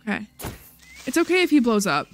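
A woman's voice: fairly high pitch, very animated, a little fast, a little hiss or hum. A woman hosting a casual let's-play video, chatting playfully to herself as she plays. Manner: playful, chatty, talks to herself while playing. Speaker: gaming video host.

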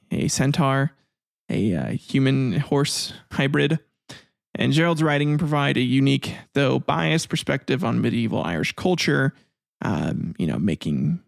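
A man with a creaky, mid-range voice hosts a history podcast, recorded dry in studio quality. The chat is casual and rambling, moving from read notes to crude jokes and plenty of laughs.

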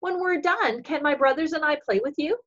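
A woman's voice: high-pitched, brisk, a bit bright, lo-fi sound, voice pushed up. A woman doing a cheerful sixth-grade boy. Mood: friendly. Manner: cheerful, calling out.

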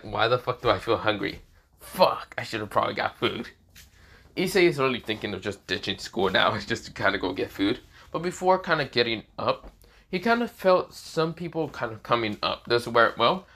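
A man's voice: mid-range voice, bright, forceful tone. A man improvising a fan-fiction story aloud, rambling with lots of fillers and casual swearing.

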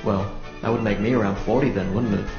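A man's voice: on the low side, fairly even intonation, quick pace, echoey room, muffled recording, music in the background, natural voice. A man voicing a weary male ghost animatronic in an animation, reluctant and mild.

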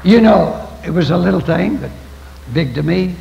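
A man's voice: high voice, lively intonation, normal speed, creaky, a little mellow, slight background noise. An older man preaching a folksy, storytelling sermon as pastor. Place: church sanctuary. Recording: echoey church hall, dull lo-fi 1990s tape.

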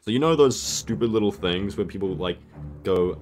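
A man giving casual gameplay commentary, excitable and profane, with sudden loud outbursts. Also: fairly low pitch, normal speed, loud music behind the voice. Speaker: gaming video creator.

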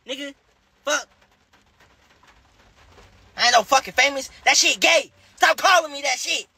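A man's voice: extremely high pitch, a little slow, creaky, pushed and bright, no echo. A man with a Southern American accent, a rapper talking on a phone livestream, rambling and profane as he answers his viewers' comments. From Charlotte, North Carolina. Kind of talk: casual livestream chat.

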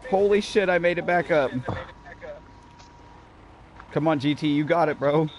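A man streaming a game with friends, reacting loudly and excitedly to the action. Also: a little high, a little slow. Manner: excitable, yelling play-by-play reactions. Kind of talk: casual gaming chat.

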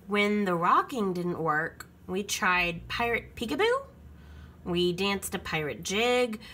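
A woman reading a children's picture book aloud with expressive storytelling. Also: medium pitch, slow, slight background noise.

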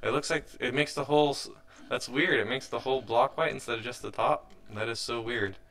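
A man's voice: medium pitch, brisk, fairly bright tone. A young man hosting a let's play, giving rambling, casual commentary as he plays, often restarting his sentences and sounding mildly frustrated.

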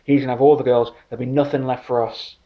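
A man's voice: medium pitch, level tone, fast, highs cut off, natural voice. A man doing a swearing, jealous customs officer. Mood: alarmed. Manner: swearing, alarmed, blunt. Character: crude, jealous male customs officer named Dave.

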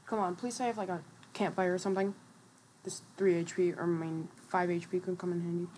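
A woman's voice: fairly low pitch, level tone, quick pace, a little mellow, slight background noise. A woman giving casual gameplay commentary as a streamer, chatty and trash-talking, with lots of fillers. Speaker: gaming streamer.

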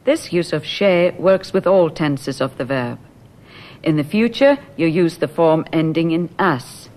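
A woman narrating a language lesson, explaining grammar slowly and clearly. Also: low voice, darkish tone.

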